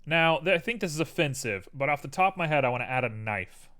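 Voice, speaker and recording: A man's voice: fairly high pitch, lively intonation, fast, pushed and bright, smooth. A man hosting a live stream, casually chatting and thinking aloud to viewers as he builds a 3D model.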